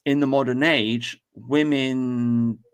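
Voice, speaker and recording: A man's voice: mid-range voice, steady tone, slow pace, clean tone. Rambling, swearing man host. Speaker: podcast host. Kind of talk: casual chat.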